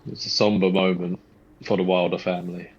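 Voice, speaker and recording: Deep, husky player man. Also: flat delivery, a little fast, lo-fi sound. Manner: earnest, declarative. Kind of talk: in-character tabletop play.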